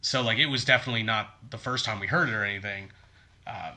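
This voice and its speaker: Bright-voiced man rambling on a podcast. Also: lowish voice, quick pace. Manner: rambling, filler-heavy with many likes and ums. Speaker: podcast co-host. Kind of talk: casual podcast chat.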